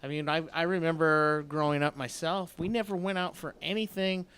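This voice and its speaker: A man's voice: on the high side, fairly even intonation, fairly quick, a bit bright, clean tone. A man co-hosting a casual radio talk show, telling emphatic, opinionated stories. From California. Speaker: radio co-host.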